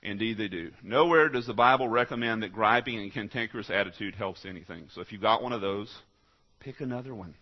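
Male pastor, mid-pitched voice, folksy and emphatic sermon delivery with big swings in loudness, slightly muffled recording. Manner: swings from quiet asides to loud exhortation.

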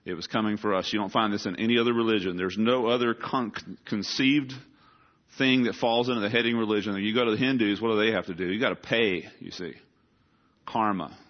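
Low-voiced preacher, lo-fi. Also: male voice, fairly quick. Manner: conversational preaching, asks the congregation questions, rises to urgent emphasis. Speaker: pastor. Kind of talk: sermon. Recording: dull lo-fi sound.

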